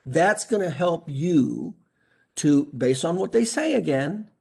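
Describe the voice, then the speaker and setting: Emphatic male practice coach, slightly husky, drilling a point home. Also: on the high side, lively intonation, takes it slowly, mellow. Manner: emphatic, asks rhetorical questions. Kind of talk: training session critique.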